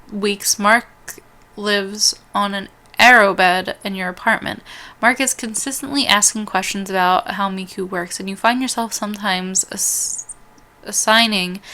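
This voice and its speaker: A woman reading an interactive story game aloud as a let's-play host, stumbling over words, restarting lines and dropping quick asides. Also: medium pitch, sharp tone.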